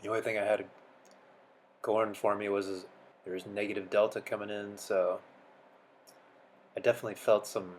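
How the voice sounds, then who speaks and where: A man's voice: lowish voice, little pitch movement, moderate pace, long pauses. A man talking casually through his trading session, sounding sleepy as though he just woke up. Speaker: day trader. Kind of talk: casual trading commentary and voice-over.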